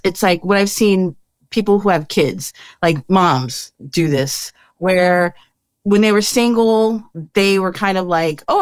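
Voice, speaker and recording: A woman in casual conversation, talking reflectively and thinking out loud about her plans. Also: on the low side, dry recording. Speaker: co-host.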